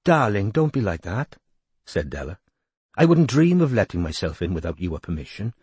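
A deep, coaxing Welsh woman with a husky, soft-spoken voice, as a male audiobook narrator puts her on. She sounds gentle and persuasive, pitched a little low, recorded close and dry. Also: big pitch swings, moderate pace, dry recording, full character voice.

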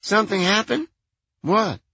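A man's voice: sits high, lively intonation, pushed and bright, slightly rough, no echo, lo-fi sound, voice pushed up, heavily acted. A man putting on a bored, chatty woman. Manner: drawn-out syllables, bored tone.

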